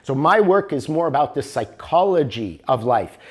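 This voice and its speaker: An older man teaching a motivational workshop, animated and always checking for agreement with the audience. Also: a little high, moderate pace, breathy edge. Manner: animated, keeps asking for agreement. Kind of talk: workshop lecture.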